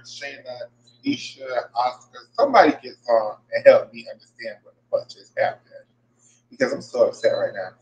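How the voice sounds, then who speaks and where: A man's voice: medium pitch, darkish tone, poor audio. A man hosting a casual podcast from his workplace, venting in an exasperated, profane way and repeating himself. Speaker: podcast host. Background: faint buzzing ambience.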